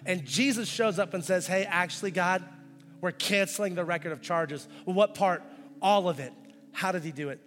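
A male pastor delivers a sermon with a fairly high voice. He drops to a hushed intensity, then rises into loud, impassioned pleading as he acts out voices. A long church-hall reverb trails behind every phrase. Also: normal speed.

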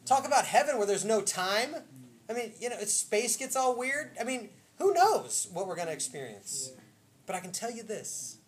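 A woman pastor preaching in a church, chatty and laughing, swinging from loud storytelling to hushed intimate moments. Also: medium pitch, lively intonation, a little fast. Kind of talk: sermon. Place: church sanctuary.

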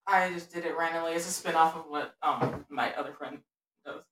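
A woman guest on a podcast, quiet, reluctant and understated in casual chat. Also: sits low, fairly quick. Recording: echoey, distant from mic, noisy.

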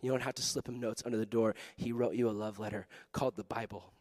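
A young man preaching to a youth group, telling a story with lively acted-out voices and frequent laughter. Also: medium pitch, fast, no echo. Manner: animated, acts out voices in his story, laughs often. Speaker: pastor.

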